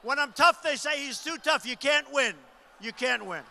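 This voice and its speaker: A man giving a loud, emphatic rally speech to a big crowd, repeating short phrases. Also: lively intonation, moderate pace, gravelly. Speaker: political candidate at a rally. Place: large arena rally. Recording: booming reverb of a big arena.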